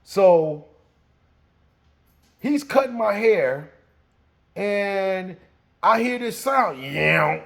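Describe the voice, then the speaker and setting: Gravelly, lively man telling a story. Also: high-pitched, very slow, long pauses. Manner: animated, laughing, acts out the scene. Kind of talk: casual spoken storytelling.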